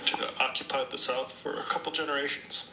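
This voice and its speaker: A man's voice: medium pitch, steady tone, fast, creaky, echoey room, noisy background. A man on a casual political podcast panel, making sarcastic, laughing interjections.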